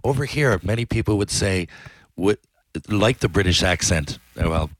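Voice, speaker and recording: A man's voice: fairly low pitch, expressive, normal speed, no echo. A man hosting a podcast, asking eager, curious questions in a casual chat. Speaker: podcast host.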